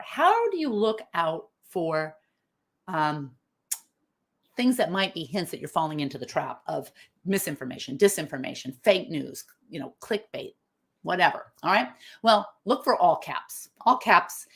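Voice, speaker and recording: A woman hosting a live online talk, emphatic and animated, asking her audience questions as she goes. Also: mid-range voice, normal speed. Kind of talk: lively live-stream talk.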